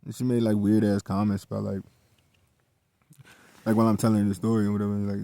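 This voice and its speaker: A man's voice: lowish voice, monotone, fast, gravelly, pauses often, warm tone. A man telling a personal story in a casual, heated monologue, swearing often and repeating himself as he goes.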